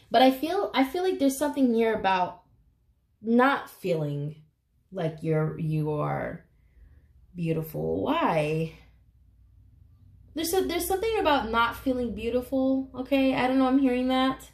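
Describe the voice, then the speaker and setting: A tarot reader with a slightly high voice and big pitch swings speaks a little slowly, pausing often. She gives a casual reading to camera, earnest and emotional, swearing casually along the way, in an echoey room.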